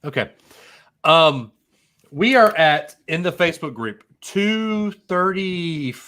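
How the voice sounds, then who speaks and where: A man's voice: on the high side, animated, takes it slowly, bright, forceful tone. A man co-hosting a podcast in casual, jokey chat, often stumbling over his words. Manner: jokey, stammering restarts, sings silly bits. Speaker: podcast co-host.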